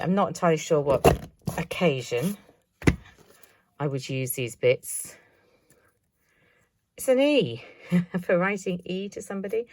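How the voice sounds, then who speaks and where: A woman's voice: sits low, creaky, darkish tone, a little hiss or hum. A woman showing her craft haul in a casual, chatty vlog, thinking aloud with self-mocking asides. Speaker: craft vlogger.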